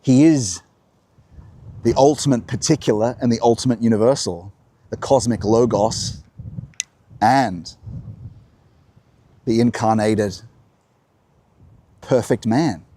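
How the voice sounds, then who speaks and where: A man's voice: medium pitch, takes it slowly, pauses often, dark tone, slight background noise. A man hosting a live-streamed talk while walking outdoors, musing and answering his own questions. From Australia. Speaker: host. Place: outdoors by the coast.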